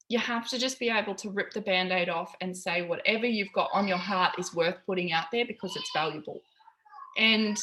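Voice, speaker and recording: A woman's voice: mid-range voice, fairly bright tone. Aussie woman coaching her team on a video call, blunt and cheering them on, echoey room. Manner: candid, swears freely, encouraging. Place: busy home with kids in background. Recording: roomy echo.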